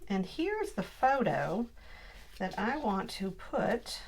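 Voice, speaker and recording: Slow-talking chatty woman crafter. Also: mid-range voice, sing-song, slight background noise. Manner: chatty, upbeat, talks to viewers while working. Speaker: crafting video host. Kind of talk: casual craft tutorial chat.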